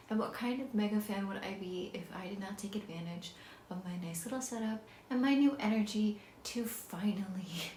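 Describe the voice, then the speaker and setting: A woman's voice: medium pitch, a little mellow, reverberant, a little hiss or hum. A young woman chatting bubbly and casually in her home vlog, full of ums and little laughs. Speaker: vlogger. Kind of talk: casual chat.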